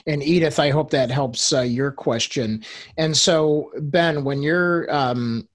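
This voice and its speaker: A man's voice: fairly high pitch, slow. A man hosting a live webcast interview, asking long, winding questions. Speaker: host. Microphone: video call.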